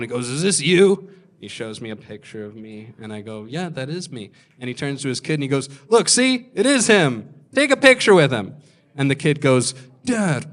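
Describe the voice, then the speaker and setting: A young man telling self-deprecating stand-up stories on a comedy club stage, acting out other people's lines in quick voices. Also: medium pitch, a bit bright. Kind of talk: stand-up storytelling.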